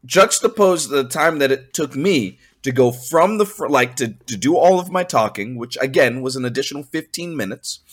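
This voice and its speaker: A man's voice: medium pitch, moderate pace, hardly any pauses. Exasperated man telling a story. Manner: animated, exasperated storytelling with profanity and laughter. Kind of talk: casual storytelling chat.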